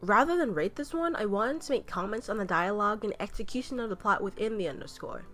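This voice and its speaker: A young woman hosting a casual review vlog of musical songs, talking in a playful, jokey, excitable way. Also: mid-range voice, fast talker, soft background music.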